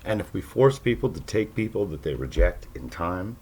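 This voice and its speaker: A man's voice: deep voice, big pitch swings, normal speed, a little mellow, husky. A man hosting a casual monologue for his listeners, talking in a sarcastic, rambling way with mocking asides. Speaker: podcast host.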